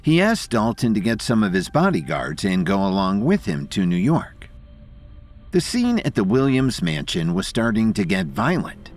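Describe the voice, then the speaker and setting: A man's voice: on the low side, huge pitch swings, normal speed, faint music behind. A man narrating an audio drama with dramatic storytelling.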